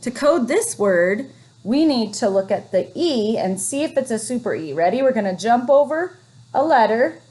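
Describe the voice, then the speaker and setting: A woman teacher leading a phonics lesson for young children, reading words slowly and encouragingly. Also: a little high, very animated, darkish tone. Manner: slow, encouraging, drawn-out reading.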